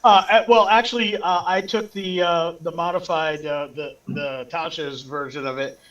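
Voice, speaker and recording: A man's voice: on the high side, fairly even intonation, normal speed, a bit bright, highs cut off. A man playing in a tabletop game session, hesitantly explaining his character's moves with many fillers. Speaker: player.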